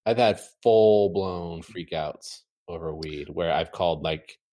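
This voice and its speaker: A man chatting casually from home, telling an animated, rambling story full of fillers. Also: low-pitched, takes it slowly. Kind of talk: casual chat.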